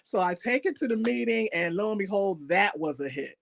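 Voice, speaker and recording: A woman chef as an interview guest, telling stories in a lively, animated way and laughing often. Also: mid-range voice, a little fast, vocal fry. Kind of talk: casual interview storytelling.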